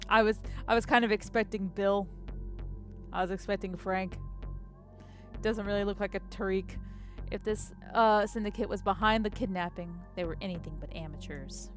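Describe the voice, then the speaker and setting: A woman streaming a story game, reading the text aloud and chatting casually with the odd swear. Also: mid-range voice. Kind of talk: casual let's-play narration.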